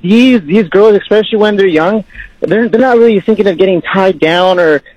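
A man's voice: high voice, moderate pace, crowd noise. A man calling into a radio show, confidently lecturing and giving dating advice, often repeating himself. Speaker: radio caller. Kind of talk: casual call-in advice. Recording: muffled phone line.

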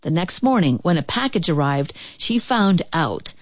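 A woman reading a children's storybook aloud in an expressive voice that rises and falls with the action. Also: lowish voice, moderate pace, no echo. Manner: expressive, rising and falling with the action.

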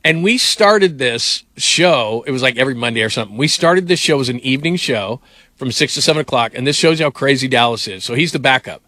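A middle-aged man hosting sports radio with a bright, forward voice. He rambles through his stories with lots of fillers, and the sound is dry and close. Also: mid-range voice, lively intonation, brisk, no echo. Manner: rambling storyteller, many fillers. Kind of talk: casual sports radio talk.

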